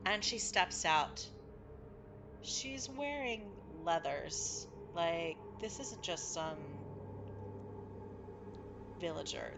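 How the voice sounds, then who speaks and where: A woman's voice: lowish voice, creaky, background noise. A woman narrating as game master of a tabletop game in a casual, descriptive way, with many fillers.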